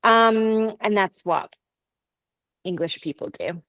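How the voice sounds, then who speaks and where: A woman's voice: medium pitch, slow pace, no room sound, dull audio. A woman, co-hosting a podcast in casual chat, playful and rambling as she explains things. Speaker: podcast co-host.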